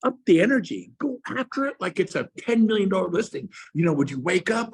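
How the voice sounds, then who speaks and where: A man's voice: high-pitched, lively intonation, fast talker, few pauses, husky. A man, a real estate coach, giving an emphatic motivational speech to agents and firing rhetorical questions at them. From Texas.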